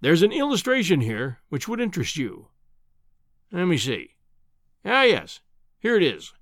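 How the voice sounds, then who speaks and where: A man's voice: wildly swooping pitch, measured pace, fairly bright tone, dry recording, clean studio sound, exaggerated voice. A man voicing a scornful, overbearing male professor of science in a storybook reading. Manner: booming, overbearing, mocking.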